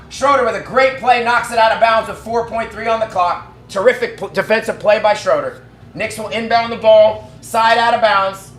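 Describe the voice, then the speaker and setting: Guy doing fan play-by-play of a basketball game, really high voice, echoey room, fast excited calls. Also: slight background noise. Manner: rapid excited calls that rise to shouting at big plays. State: out of breath. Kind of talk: live play-by-play commentary.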